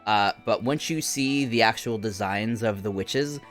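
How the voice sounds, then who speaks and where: A man's voice: fairly low pitch, measured pace, fairly bright tone, faint music behind. A young man streaming a game, chatting casually and rambling with lots of fillers.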